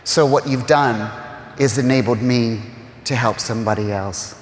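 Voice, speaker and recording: A man telling personal stories in an emotional, conversational way, often pausing with "you know" and close to tears at times. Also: mid-range voice, a little hiss or hum. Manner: heartfelt, choked up at times, many "you know" fillers. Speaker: interview guest, real estate agent. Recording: roomy reverberant hall.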